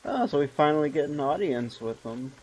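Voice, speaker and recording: A man's voice: fairly high pitch, expressive, brisk, a little mellow, husky, poor audio. A man commentating on his game in a casual live stream, crude and joking, talking into a desk microphone.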